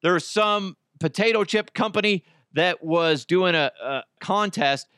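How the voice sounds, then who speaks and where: A man's voice: high voice, measured pace, sharp tone, clear, resonant tone, dry recording, clean studio sound. A man hosting a podcast, talking casually in a crude, jokey way and slipping into mocking voices. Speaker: podcast host. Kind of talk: casual solo podcast rant.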